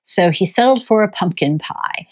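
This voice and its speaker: A woman vlogger on a farm channel, telling a story in a gentle, heartfelt, reflective way. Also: lowish voice, animated, moderate pace.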